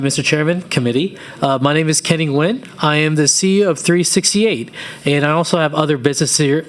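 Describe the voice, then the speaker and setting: A man in his thirties from Louisiana speaks to a committee as a business owner. His voice sits fairly high, and he tells his story earnestly with casual, folksy asides. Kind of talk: public testimony at a committee hearing.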